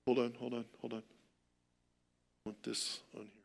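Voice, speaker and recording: A middle-aged American man preaching a sermon as pastor, telling stories in an animated way and often repeating words. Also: medium pitch, a little slow, creaky.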